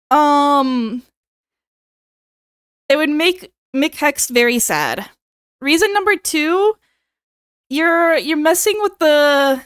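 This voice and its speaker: Young woman streamer, high lively voice, smooth tone, dry close mic, playful. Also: no echo. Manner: playful, dramatic begging bits. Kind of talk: casual live-stream chat with viewers.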